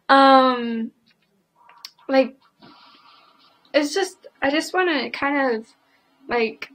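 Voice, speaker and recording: A teenage girl ranting casually to camera, rambling and indignant, filling every pause with "like". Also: high-pitched, fairly bright tone, low-quality recording. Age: teens. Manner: rambling, packed with "like" fillers; indignant, opinionated. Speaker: vlogger.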